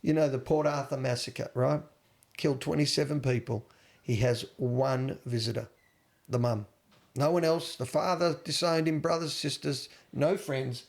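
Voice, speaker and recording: A man's voice: mid-range voice, normal speed, creaky. A man co-hosting a casual film-review podcast, telling stories with feeling and tossing in rhetorical questions. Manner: animated, emotional storyteller with rhetorical questions. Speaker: podcast co-host.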